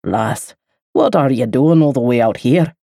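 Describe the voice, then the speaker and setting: A woman's voice: a bass voice, lively intonation, unhurried, warm tone, no room sound, pitched below the performer's own voice, exaggerated voice. Woman playing a dry-humored Scottish manservant, thick brogue, audiobook. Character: friendly Scottish male servant at a castle.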